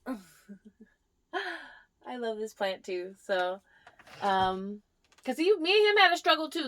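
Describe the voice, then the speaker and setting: A woman's voice: a little high, fairly bright tone. A young woman giving a casual tour of her houseplants, chatting fondly to them and sometimes dropping to a near whisper. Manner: drops to a near whisper at times. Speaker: plant vlogger. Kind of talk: casual plant tour vlog.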